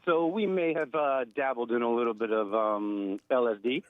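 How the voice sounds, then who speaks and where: A man's voice: mid-range voice, moderate pace, no echo. Rambling male caller on a tinny phone line. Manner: rambling with many fillers and laughs. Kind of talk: casual phone-in storytelling.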